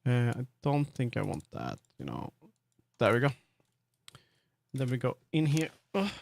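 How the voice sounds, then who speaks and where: Slow rambling Swedish-accented man. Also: medium pitch, wildly swooping pitch, vocal fry. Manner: rambling, many fillers and restarts. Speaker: streamer. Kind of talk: casual live-stream commentary while working in 3D.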